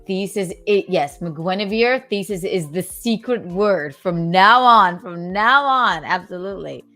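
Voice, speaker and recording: A woman's voice: on the low side, expressive, a little slow, pushed and bright, faint music behind. A woman from South Carolina hosting a call-in podcast, speaking in a mock-posh transatlantic drawl and calling people darling. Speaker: podcast host. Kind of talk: casual call-in chat.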